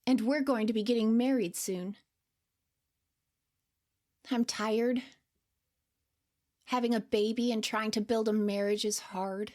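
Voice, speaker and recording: A woman narrating her own story in the first person, quiet, unsure and earnest. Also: a little high, fairly even intonation, measured pace, pauses often. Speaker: podcast storyteller.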